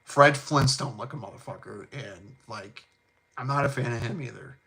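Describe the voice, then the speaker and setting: Young dude from illinois rambling on a stream, swears a lot, bright edgy voice. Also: male voice, mid-range voice, moderate pace, gravelly, slight background noise. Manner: blunt, profane, rambling with fillers. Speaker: fragrance channel host. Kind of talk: casual livestream chat.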